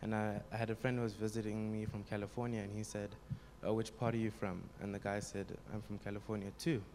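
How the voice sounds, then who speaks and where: Young man, low and flat, telling a testimony, faint room noise behind. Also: quick pace. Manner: plain, storytelling, frequent ums. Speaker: congregation member giving a testimony. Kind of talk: spoken testimony.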